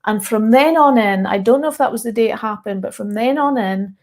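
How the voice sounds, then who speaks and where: Emotional Scottish woman with a high voice. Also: brisk, darkish tone. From Scotland. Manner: earnest and candid, with breaks of laughter. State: emotional, close to tears. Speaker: mindset coach and speaker. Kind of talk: personal story told to viewers.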